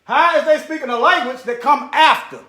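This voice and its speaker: A man with a very high, bright, sharp-edged voice gives preachy commentary straight to his viewers. He hammers points home by repeating short phrases and drops into muttered asides while hunting for things on screen. The sound bounces around a roomy, echoey space. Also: brisk. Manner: repeats phrases for emphasis, talks directly to viewers.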